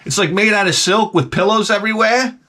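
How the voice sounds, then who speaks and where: A man hosting his own channel, telling rambling comedic work stories full of asides and quick impressions. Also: sits high. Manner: animated, jumps between impressions and asides. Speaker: channel host.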